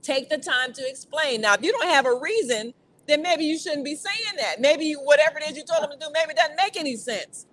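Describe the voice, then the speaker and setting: A woman's voice: high voice, expressive, fairly quick, fairly bright tone. Emphatic woman co-host. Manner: emphatic, lecturing. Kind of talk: casual panel chat.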